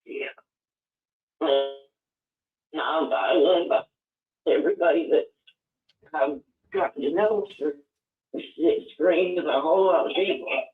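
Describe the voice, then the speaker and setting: Male caller, heartfelt and halting, higher voice, tinny echoey line. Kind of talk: call-in show chat.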